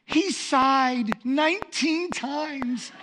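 A chatty, apologetic churchgoing wife, as a male preacher puts her on, with a squeaky, breathless voice that jumps well above his own. She is eager and sorry at once. There is a hiss of noise under the recording. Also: extremely slow. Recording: noisy sermon recording.

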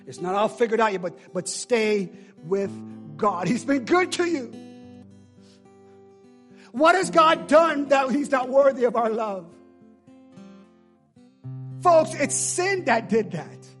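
A man preaching a sermon as pastor, swinging between shouted pleas and hushed, drawn-out lines with a call-and-response cadence. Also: very high-pitched, faint music behind. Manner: shifts between shouting and hushed near-whispers.

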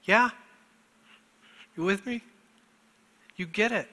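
A man's voice: sits high, expressive, takes it slowly, bright, forceful tone. A middle-aged male pastor preaching a sermon, emotional and self-deprecating, on the verge of tears and often laughing through them. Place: church sanctuary. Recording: long church hall reverb.

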